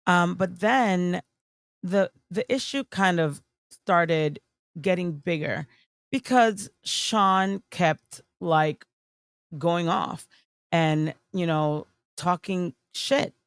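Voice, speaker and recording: A woman's voice: lowish voice, drawn-out words, clean tone, dry recording. A woman streamer giving blunt, dismissive commentary on a livestream, full of fillers and restarts. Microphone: streaming mic on camera.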